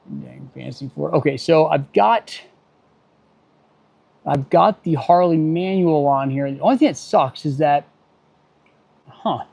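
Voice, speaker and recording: Speaking a little slowly and pausing often, a middle-aged automotive technician chats on a livestream while working. His voice is on the high side, creaky, a little mellow, and slightly rough. He mutters, gets irritated, and jokes dryly over dull, lo-fi audio.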